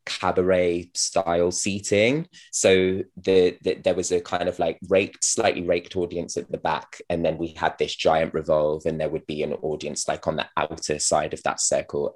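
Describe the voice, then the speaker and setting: A man, an actor, chatting casually as a podcast guest, rambling with many fillers and restarts and laughing at his own stories. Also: low-pitched. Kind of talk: casual interview chat.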